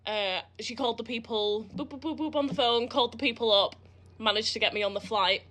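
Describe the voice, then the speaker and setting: A young woman with a bright, forward voice tells a travel story straight to camera. She is chatty and dramatic, laughing through tears between sentences. It sounds like it was recorded at an airport. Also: fairly high pitch, fairly even intonation, a little fast. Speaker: vlogger in a played clip. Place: airport, indoors.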